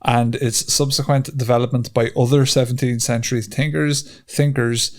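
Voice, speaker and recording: Irish male co-host with a mid-range voice, deadpan ribbing and casual cursing, reading notes aloud between jokes. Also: medium pitch, normal speed. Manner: dry teasing, swears casually. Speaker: podcast co-host.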